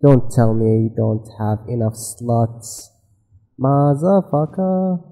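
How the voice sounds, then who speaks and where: Gamer guy, deep mellow tone, unhurried delivery, cursing at his game, long reverb tail on the voice. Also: completely flat delivery. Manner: swears a lot and talks back to the game. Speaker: let's play gamer. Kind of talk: casual gameplay commentary.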